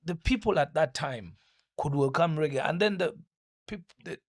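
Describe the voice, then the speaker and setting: A man's voice: fairly high pitch, lively intonation, moderate pace, no room sound. A middle-aged man from Uganda, a musician guest telling his story in an interview, reflective and prone to restarting his sentences. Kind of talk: casual interview chat.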